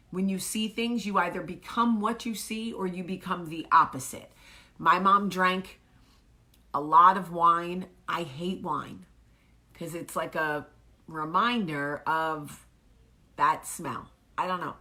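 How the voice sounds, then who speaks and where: A woman's voice: lowish voice, bright, forceful tone. A woman in her thirties, hosting her own show, telling a candid, chatty story about her day. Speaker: vlog host. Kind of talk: casual storytelling monologue.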